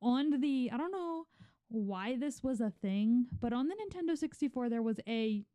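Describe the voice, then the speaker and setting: A woman co-hosting a podcast in casual chat, telling stories in an animated, exasperated way. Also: fairly high pitch, normal speed, smooth, no room sound. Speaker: podcast co-host.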